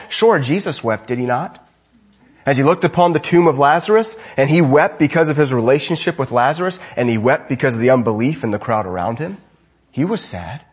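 A man's voice: on the high side, husky. A man preaching a sermon as pastor, conversational, often asking his congregation rhetorical questions.

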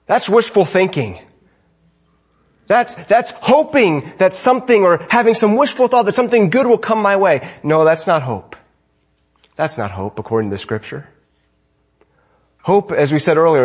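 A man's voice: a little high, slightly rough. A man preaching a sermon as pastor, conversational, often asking his congregation rhetorical questions.

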